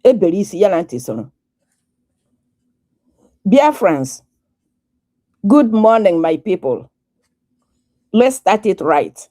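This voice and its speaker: Slow, angry Nigerian woman guest. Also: mid-range voice, very animated, mellow. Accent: Nigerian, Igbo. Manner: angry, emphatic, lecturing. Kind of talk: casual talk show chat.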